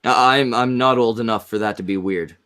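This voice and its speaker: A man's voice: mid-range voice, brisk, fairly bright tone, clean tone. A man in crude casual chat on a stream, stammering and swearing as he rambles.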